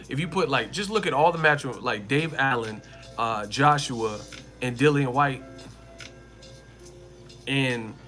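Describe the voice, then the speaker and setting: A man's voice: medium pitch, a bit bright. A man hosting a live boxing commentary stream, talking in a casual, slangy and emphatic way and repeating his points over and over. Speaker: boxing commentary channel host.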